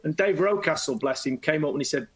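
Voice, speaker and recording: A middle-aged man, a former footballer, telling anecdotes as a guest in a lively way and slipping into quoted voices. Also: on the high side, quick pace, husky, rough recording. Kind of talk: anecdotal storytelling.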